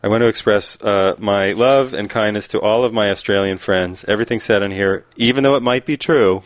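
A man's voice: on the low side, brisk, no room sound. A man co-hosting a casual talk show, telling a rambling joke and laughing often. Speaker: co-host. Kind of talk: casual chat.

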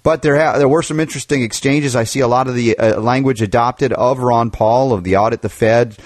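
A man's voice: medium pitch, brisk, no room sound, studio quality. A man hosting a political talk radio show, chatting with a guest in an opinionated, rambling way with many restarts.

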